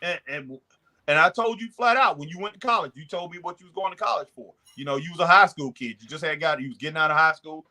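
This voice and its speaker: A man hosting a casual chat show speaks with a sharp, bright tone that sits a little high for a man. He talks loosely and repeats his phrases. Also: fast talker. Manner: chatty, repeats himself, drops into mimicking voices. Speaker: show host.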